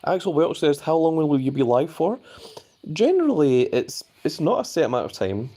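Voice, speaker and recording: A man's voice: a little high, very animated, normal speed, warm tone. A man hosting a casual live stream, chatting loosely and reading viewer messages aloud.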